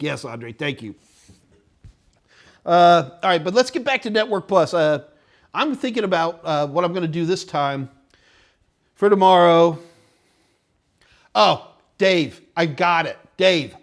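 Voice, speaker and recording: Chatty man hosting a live tech Q&A. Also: fairly high pitch. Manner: rambling, reads viewer chat aloud, thinks out loud. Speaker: tech instructor and show host. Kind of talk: live-stream Q&A, casual chat.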